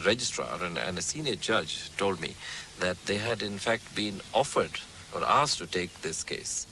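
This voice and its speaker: A man's voice: lowish voice, pushed and bright, slight background noise. A man giving interview testimony in a hesitant way, full of fillers.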